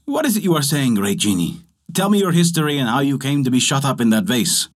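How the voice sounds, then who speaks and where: A man voicing a poor, frightened fisherman in a storybook tale, speaking high and pleading. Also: sing-song, fast.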